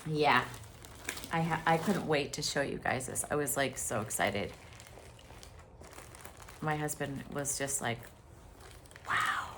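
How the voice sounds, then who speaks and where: A middle-aged woman chatting casually to her viewers about her crafting finds, excitable and full of fillers. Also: fairly low pitch, slight background noise. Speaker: crochet vlogger.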